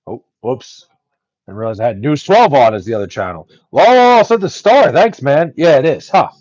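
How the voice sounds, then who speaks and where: A man's voice: mid-range voice, big pitch swings, moderate pace, a little mellow, no room sound, highs cut off. A young man chatting casually on a livestream, reading chat aloud, loose and profane with lots of ums.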